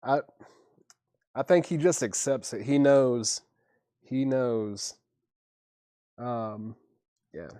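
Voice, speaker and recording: A man's voice: mid-range voice, very slow, long pauses, dark tone, clean tone, no echo, clean studio sound. A man hosting a live vinyl record sale, casually reading out albums, prices and buyer names and chuckling at himself. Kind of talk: casual live-stream selling.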